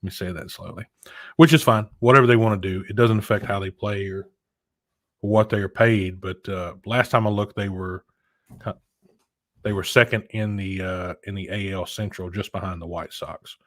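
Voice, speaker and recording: A man co-hosting a casual chat show, rambling and animated, who rants with many restarts. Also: sits low, normal speed, no room sound, studio quality. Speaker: podcast co-host.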